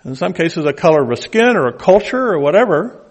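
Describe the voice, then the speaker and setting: A man's voice: on the high side, very animated, a little fast, husky. An older man with a Southern accent preaching a conversational sermon with folksy asides.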